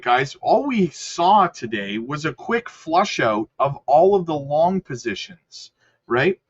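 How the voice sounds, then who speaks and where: An upbeat man runs through crypto price charts in a casual, chatty way, calling his viewers "guys" as he goes. His voice sits at an ordinary middle pitch. The recording sounds a little dull and lo-fi. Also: fairly bright tone, breathy edge. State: hiccups. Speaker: crypto market commentator.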